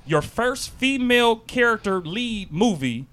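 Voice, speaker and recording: Higher voiced dude, swings up and down a lot, keeps pushing his point, stammers. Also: sing-song, unhurried, fairly bright tone. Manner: insistent, stammers and repeats when pushing a point. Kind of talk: casual debate among friends.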